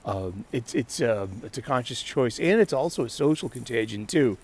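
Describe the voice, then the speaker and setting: A man's voice: mid-range voice, animated, moderate pace, darkish tone, slightly rough. A man hosting a casual solo talk show, rambling with frequent restarts and laughter. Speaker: podcast host.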